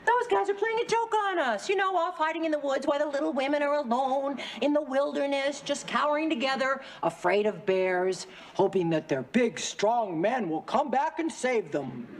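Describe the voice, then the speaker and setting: An actress playing a dry, wisecracking woman calming her nervous friend in a sitcom. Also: high-pitched, moderate pace, a little hiss or hum. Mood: sarcastic. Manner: dry, sarcastic, reassuring. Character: wry, level-headed woman teasing her friend. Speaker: sitcom character. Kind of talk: sitcom acting.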